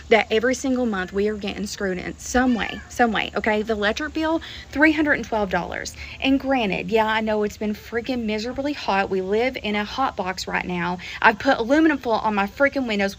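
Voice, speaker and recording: A woman's voice: medium pitch, brisk, a bit bright, a little hiss or hum. A woman venting to camera in an exasperated, emphatic rant, repeating herself.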